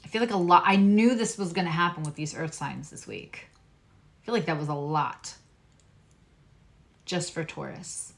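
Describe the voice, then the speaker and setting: Her voice is low-pitched and creaky, at a normal speed with long pauses, as this woman from Long Island does a casual tarot and astrology reading. Once Long Island-accented, she now sounds neutral American; she stresses her points, repeats key phrases, and chats on the side.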